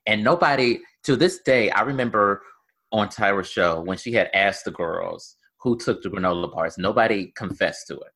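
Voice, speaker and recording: A man's voice: on the low side, moderate pace, sharp tone. A man chatting casually as a co-host, telling a story with fillers. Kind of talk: casual chat.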